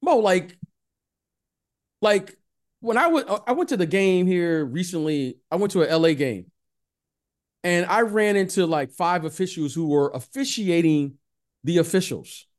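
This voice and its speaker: Animated man telling sports stories. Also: sits high, unhurried, long pauses. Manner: animated storyteller, repeats the host's name, acts out friendly greetings. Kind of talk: casual sports chat.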